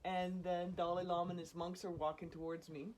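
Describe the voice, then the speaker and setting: A woman tells a personal story in a relaxed, chatty way. Her voice sits a little low, and she keeps it animated, laughing often and acting out what others said. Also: brisk, slight background noise. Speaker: storyteller guest.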